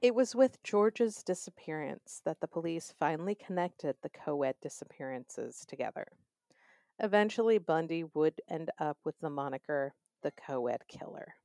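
A woman's voice: sits low, lively intonation, moderate pace, warm tone, no echo, studio quality. Sarcastic young woman telling true crime. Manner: sarcastic, conversational storytelling. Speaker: podcast host. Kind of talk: true crime podcast narration.

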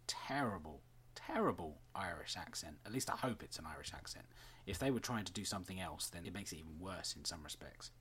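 A man giving chatty, scene-by-scene commentary on a TV episode. He often pauses with fillers as he talks. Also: low voice, a bit bright, husky. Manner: chatty, halting with many fillers. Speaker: episode reviewer.

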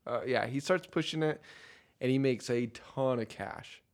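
A man co-hosting a casual movie podcast, rambling and animated as he talks. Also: medium pitch, normal speed, vocal fry. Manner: rambling, animated, laughs often. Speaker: podcast co-host.

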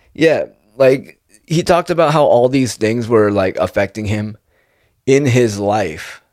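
A man's voice: on the low side, darkish tone, dry recording, studio quality. A young man in a casual, rambling monologue, laid-back and peppering his talk with "dude". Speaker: vlogger.

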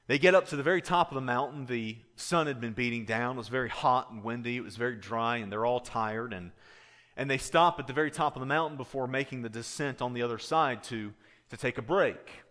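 Casting: male pastor mid-sermon, earnest storyteller, bright and forceful. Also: mid-range voice, big-room sound. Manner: earnest storytelling, growing emphatic, repeats words.

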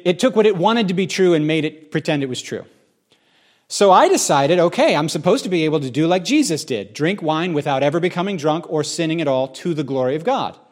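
A man's voice: on the high side, darkish tone. Man telling a candid sermon testimony. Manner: conversational and candid, with restarts. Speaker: pastor. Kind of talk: sermon-style personal testimony.

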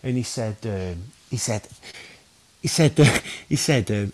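A man from northwest England, a former goalkeeper and podcast guest, telling stories in a casual chat, animated, with many fillers and restarts. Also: a little high, normal speed.

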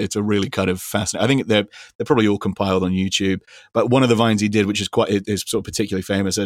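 A man with a lowish voice that stays fairly level, talking through recommendations in an unhurried, meandering way. He keeps restarting sentences and leaning on filler words. The sound is close and dry, with no room around it. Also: no echo. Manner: rambling, heavy on fillers and restarts. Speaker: podcast host. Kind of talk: casual recommendation chat.

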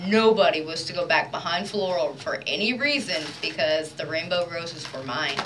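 A woman hosting a radio show, chatting in a bubbly, quick way with a guest. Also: on the low side, animated, background noise. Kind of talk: casual chat.

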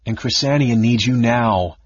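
A man's voice: mid-range voice, a little slow, slightly rough, no room sound. A man voicing a fierce young woman who speaks grimly and gives commands. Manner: grim, commanding, exasperated. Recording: muffled lo-fi recording.

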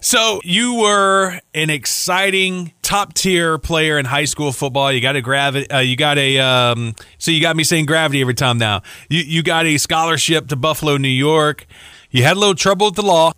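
A man hosting a casual interview, asking relaxed, chatty questions. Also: a little high, normal speed, smooth, no room sound, clean studio sound. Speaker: interview host.

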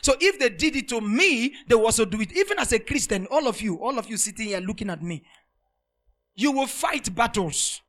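This pastor talks fast and barely pauses, preaching animatedly to his congregation in a voice that is very high for a man. Bright and forceful, he repeats lines for emphasis and jumps between ringing shouts and hushed, intimate remarks.

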